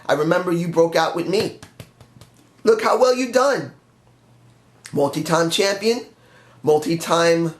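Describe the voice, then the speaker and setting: A man voicing a veteran male wrestler who praises his former student, speaking casually in a roomy-sounding recording. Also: a little high. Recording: roomy echo.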